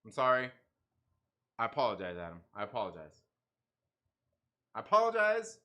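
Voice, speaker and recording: A man's voice: mid-range voice, wildly swooping pitch, moderate pace, bright, forceful tone. A man hosting a casual livestream who reads out chat comments, laughs often and banters with viewers. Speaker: livestream host.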